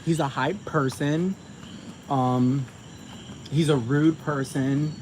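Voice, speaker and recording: Profane ranting man, fairly high voice. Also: fairly even intonation, slow pace, darkish tone. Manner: profane, emphatic, repetitive. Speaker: commentator. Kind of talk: ranting monologue. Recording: noisy with vehicle sounds behind.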